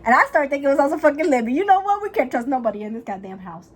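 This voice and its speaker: A young woman vlogger chatting casually while doing her makeup, retelling a story in a gossipy, profane, dramatic way and bursting into loud, high laughs. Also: lively intonation, racing, poor audio.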